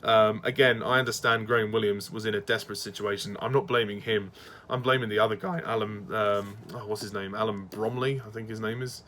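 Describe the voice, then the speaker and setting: A man's voice: lowish voice, steady tone, brisk, pushed and bright, slight background noise. A man giving a casual, blunt, opinionated review, laughing often and restarting his sentences. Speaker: video reviewer.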